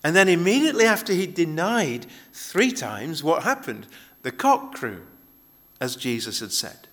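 Bright, lively-voiced male pastor preaching. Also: on the high side, a little slow. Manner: conversational with frequent restarts. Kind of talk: sermon.

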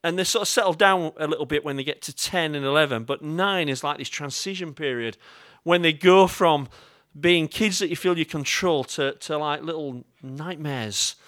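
An English man preaching a sermon, with a voice pitched a little high for a man. He speaks to his congregation directly and tells stories in a chatty way, with humour aimed at himself. The recording is dry, with no room echo. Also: moderate pace, few pauses, fairly bright tone. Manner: chatty storytelling with self-mocking humour. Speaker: pastor.

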